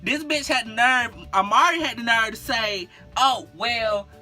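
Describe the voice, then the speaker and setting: A vlogger tells a story casually at normal speed in a medium-pitched voice, animated, slangy and profane, packed with fillers and asides to the viewer. Faint music plays behind.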